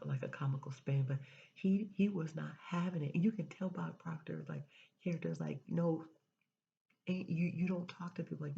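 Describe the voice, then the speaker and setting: A woman's voice: deep voice, gravelly, dark tone, husky, lo-fi sound. A woman giving an emphatic spiritual motivational monologue, repeating herself and often dropping into a whisper. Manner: emphatic, repetitive, drops into whispers. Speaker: spiritual speaker.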